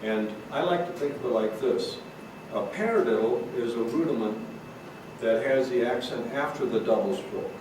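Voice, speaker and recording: A man's voice: mid-range voice, moderate pace. A man teaching drum rudiments in a recorded lesson, patiently explaining and counting out rhythms. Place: room with drum kit. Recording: roomy echo, distant mic, noisy.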